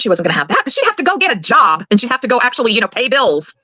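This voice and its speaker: An older woman and grandmother giving her side of a family conflict, fast and indignant, getting worked up as she talks. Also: on the high side, big pitch swings, pushed and bright, slightly rough, dry recording, poor audio. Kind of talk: emotional recorded account.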